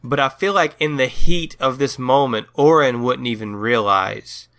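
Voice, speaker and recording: A man's voice: mid-range voice, normal speed, fairly bright tone. A man playing in a tabletop game, talking in a rambling way with many restarts and casual swearing. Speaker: player. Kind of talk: casual chat in character discussion.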